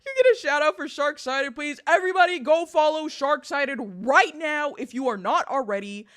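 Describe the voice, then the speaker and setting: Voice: high voice, lively intonation, moderate pace, few pauses, a bit bright. A VTuber streamer chatting casually with chat, reading messages aloud, swearing freely and often breaking into laughter.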